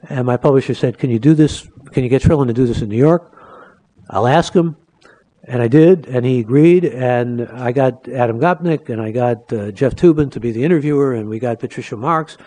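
A man's voice: medium pitch, warm tone. A man, an author giving a talk about his book, telling jokes and anecdotes and acting them out with voices. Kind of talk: lecture with joke-telling.

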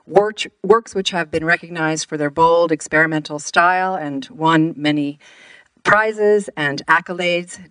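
A woman moderating an author panel, introducing guests with halting self-corrections. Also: lowish voice, fairly bright tone, no echo. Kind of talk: introducing authors at a live event.

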